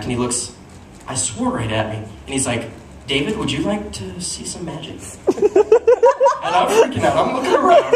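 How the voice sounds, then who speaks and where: A young man from Utah performing a stand-up comedy set, telling stories and talking to the crowd. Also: medium pitch. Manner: animated storytelling with audience asides. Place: comedy club stage. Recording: echoey live room, mic at a distance, noisy. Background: audience laughter and room noise.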